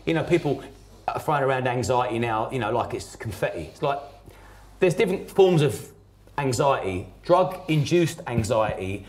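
A man's voice: fairly high pitch, a little mellow. A man telling his personal story as a podcast guest, blunt and emphatic, swearing heavily.

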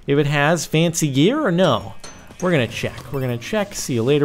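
A young man in his twenties giving casual, excitable commentary while playing a survival game, with sudden yelps. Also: a little high, moderate pace. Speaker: gaming video host. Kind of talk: casual let's play commentary.

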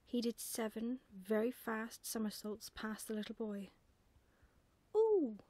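A woman reading a bedtime story aloud in a soft, close whispered role-play style. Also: fairly high pitch, flat delivery, moderate pace, no echo.

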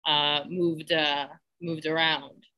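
A woman filmmaker speaks on a panel at length and with care, often circling back on her phrases. Her voice is lowish but bright and forceful. The sound is dry and close. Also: level tone, slow pace, smooth, no room sound. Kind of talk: thoughtful panel commentary.

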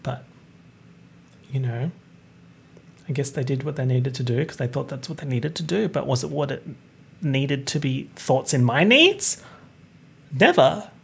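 A man's voice: mid-range voice, expressive, unhurried, vocal fry, long pauses, breathy edge. A man hosting a solo podcast, chatty and opinionated, swearing freely. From Italian heritage. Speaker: podcast host. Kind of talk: casual solo podcast chat.

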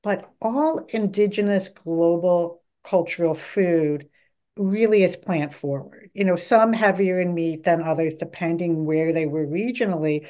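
Speaking at a measured pace in a lowish voice, a middle-aged dietitian is interviewed as a guest on a podcast. She's eager and talkative, performing her patients' words in animated voices.

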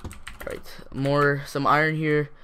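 A man casually commenting as he plays a video game, rambling and chatty with sudden bursts of excitement. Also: fairly high pitch, unhurried, clear, resonant tone. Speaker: gaming YouTuber. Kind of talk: casual let's-play commentary.

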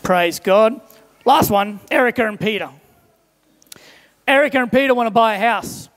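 Recorded in a large church hall, with a long echo after each phrase, a young man preaches at a moderate pace, telling everyday stories and briefly acting out the people's voices. His tone is fairly bright and sits high for a man.

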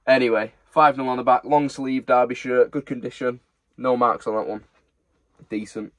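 A man's voice: mid-range voice, steady tone, normal speed, dry recording. A young man, casually showing off secondhand football shirts he is reselling, in a chatty, rambling way. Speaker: online reseller. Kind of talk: casual haul chat.

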